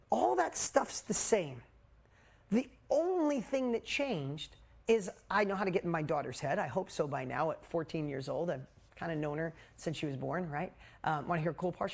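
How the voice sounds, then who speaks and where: With a fairly high, creaky voice, a coach in his forties tells his group a personal story over a video call. He's animated and open, and he swears casually.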